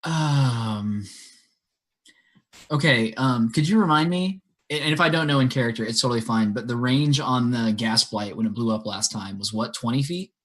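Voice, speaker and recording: A man playing a tabletop game, talking hesitantly and thinking out loud. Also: mid-range voice, moderate pace. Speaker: player. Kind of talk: casual tabletop play.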